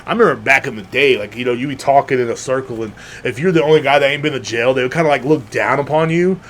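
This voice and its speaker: A man's voice: mid-range voice, fast, a little hiss or hum. A young man hosting a podcast, rambling casually and acting out the people he talks about. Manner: rambling, animated, acts out quoted people. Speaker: podcast host. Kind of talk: casual monologue.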